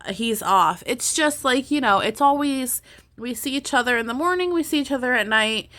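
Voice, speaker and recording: A woman's voice: high-pitched, expressive, normal speed, bright, forceful tone. A young adult woman chatting casually as a vlogger, answering viewer questions with lots of ums and restarts. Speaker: beauty vlogger. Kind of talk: casual Q&A chat.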